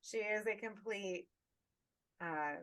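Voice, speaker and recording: A woman co-hosting a podcast, talking in a loose, rambling way and swearing freely. She is animated, at a middle pitch, over a remote call. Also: takes it slowly. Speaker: podcast co-host. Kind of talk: casual chat.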